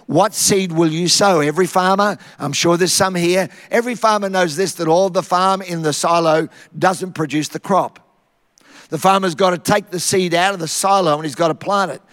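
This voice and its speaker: A high-pitched Australian man from Queensland preaches a sermon. He tells Bible stories in a lively, humorous way and acts out the scenes. His voice carries a long reverb from a large hall. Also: normal speed. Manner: lively storytelling, acting out Bible scenes with humour.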